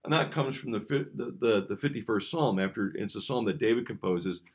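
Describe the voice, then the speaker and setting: A pastor with a Midwestern American accent speaks in a very low, deep voice. He teaches in a plain, conversational way, blunt and direct, often stopping to restart a sentence. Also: expressive, brisk, breathy edge. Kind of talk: devotional teaching talk.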